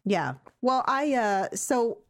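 A woman co-hosting a podcast, chatting casually about a film in a rambling, hesitant way that turns animated when she has strong opinions. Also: a little high, slow pace, background noise. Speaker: podcast co-host reviewing a film. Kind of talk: casual chat.

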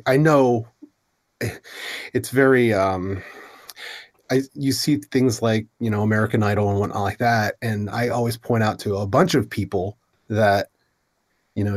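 A man hosting a casual interview, friendly and halting, often restarting his sentences. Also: on the low side. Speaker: host.

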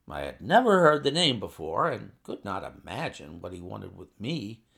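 A man reading a classic short story aloud in an expressive first-person narration. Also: medium pitch, vocal fry. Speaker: audiobook narrator.

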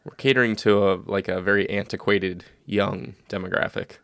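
A man's voice: fairly low pitch, steady tone, moderate pace, creaky, a bit bright, no room sound. A man hosting a casual podcast from home over a call, jokey and rambling, poking fun at himself. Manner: jokey, rambling, self-deprecating. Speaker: podcast host.

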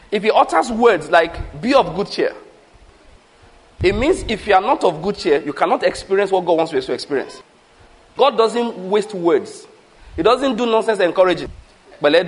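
Pastor preaching, high voice, lots of questions thrown at the crowd. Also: male voice. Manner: animated preaching with rhetorical questions and call-outs. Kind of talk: sermon.

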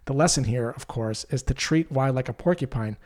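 A man, a sales trainer, telling a story as a scripted lesson in a measured, explanatory way. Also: medium pitch, a little mellow.

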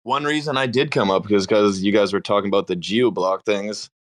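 A man's voice: on the low side, a little fast. A man chatting casually in a laid-back, joking way. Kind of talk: casual chat on a live audio space.

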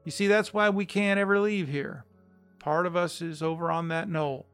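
A man voicing an old rancher father, weary and gentle, talking plainly with a choke of sorrow in his voice. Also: on the high side, fairly even intonation, normal speed, clear, resonant tone, faint music behind. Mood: grieving, resigned. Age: older.

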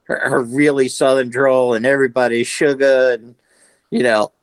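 A man co-hosting a podcast in casual chat, talking in halting, restarting sentences. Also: medium pitch, little pitch movement, no room sound, poor audio. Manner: hesitant, restarts and trailing thoughts. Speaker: podcast co-host.

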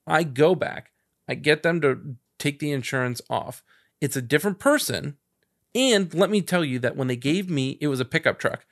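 A man with a fairly high voice co-hosting a podcast in casual chat. He retells his run-ins with animated energy, acting out each side of the exchange himself. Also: normal speed. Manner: animated retelling, acts out both sides of conversations. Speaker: podcast co-host.

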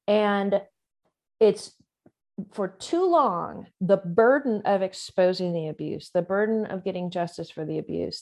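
A woman in her forties speaks as a guest in a candid interview, in a voice of middling pitch. She is earnest and outspoken, and slips in wry asides. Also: a little mellow. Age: 40s.

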